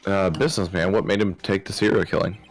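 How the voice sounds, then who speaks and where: A man's voice: low-pitched, steady tone, fast talker, faint music behind. A man voicing an earnest young male defense lawyer in a game fan dub, reading his questions plainly. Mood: inquiring.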